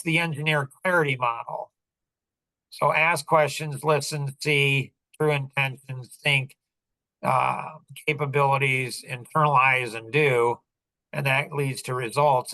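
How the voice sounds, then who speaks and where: Bright-voiced man, rambling coaching talk. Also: a little high, dry recording, poor audio. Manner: loose and wandering, with many fillers and restarts. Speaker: coach hosting a group call. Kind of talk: rambling casual teaching.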